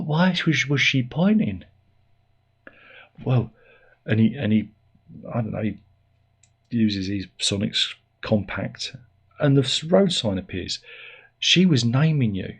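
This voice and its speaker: A man's voice: mid-range voice, lively intonation, unhurried, creaky, long pauses, slightly rough. A middle-aged man giving a sarcastic, exasperated and rambling spoken review.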